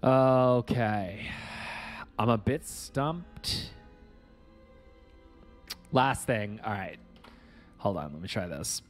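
A man's voice: on the low side, drawn-out words, pauses often, faint music behind. A man chatting casually to viewers on a live stream as he fixes his game setup, frustrated and self-mocking, muttering to himself.

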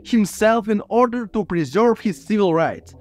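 A man's voice: high-pitched, lively intonation, moderate pace, a little mellow, faint music behind. A man narrating and commenting between video clips in a plain, matter-of-fact way. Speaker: channel host.

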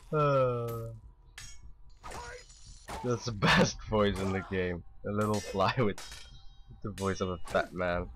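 A man commentates his game in a slow, unhurried way. His pitch swings about a lot as he jokes and talks back to the characters on screen. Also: a little hiss or hum. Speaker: gamer commentating his playthrough. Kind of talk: casual let's play commentary.

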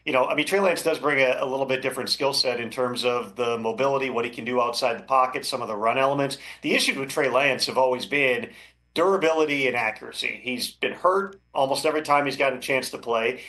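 A man working as a football insider, giving measured, thoughtful analysis as an interview guest, with frequent fillers. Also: mid-range voice, bright, forceful tone. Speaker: NFL insider.

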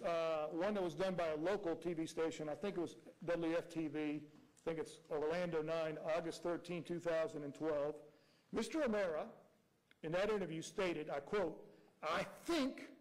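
A man's voice: on the high side, fairly even intonation, normal speed, a little mellow, rough recording. A man arguing as prosecutor before a judge, reading out quotes and pressing rhetorical questions. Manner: reads quotes aloud. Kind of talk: courtroom argument.

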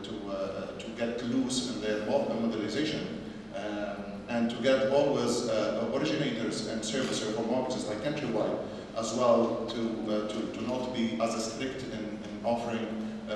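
A man's voice: on the low side, a little mellow, slight background noise. Hesitant man asking from far off. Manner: hesitant, many fillers and restarts. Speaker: audience member asking questions. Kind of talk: audience question. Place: conference hall. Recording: distant mic in echoey hall.

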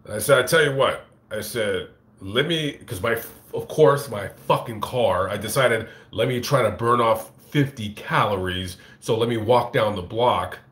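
A man telling a rambling, profane story on a casual live stream, recorded on a phone in a fast-food restaurant. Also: fairly low pitch, echoey room. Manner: rambling, profane, animated retelling. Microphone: phone camera.

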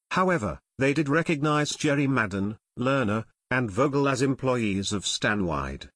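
A man narrating an audiobook in a steady storytelling manner, recorded close on a studio mic. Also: mid-range voice, dry recording. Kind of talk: scripted narration.

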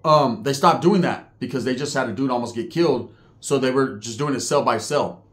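A middle-aged podcast storyteller speaks at a medium pitch and a fairly quick clip, spinning a yarn in casual street slang. His retelling is animated, and he imitates the voices of other inmates along the way.

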